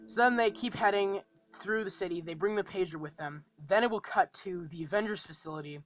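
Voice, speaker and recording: A man's voice: fairly high pitch, brisk, few pauses, fairly bright tone, faint music behind, rough recording. A man casually running through a fan series plot and casting call, rambling with frequent ums and restarts.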